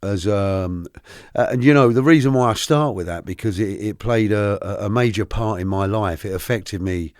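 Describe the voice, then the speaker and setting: Low-voiced man telling stories. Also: clear, resonant tone, no echo, studio quality. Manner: animated, halting with many restarts. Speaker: podcast guest. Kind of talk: candid storytelling.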